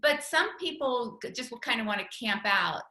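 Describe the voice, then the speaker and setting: A woman's voice: fairly high pitch, animated, normal speed, pushed and bright, echoey room. A woman teaching a communication workshop with her husband, chatty, with frequent laughs and restarts. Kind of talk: teaching talk with spouse.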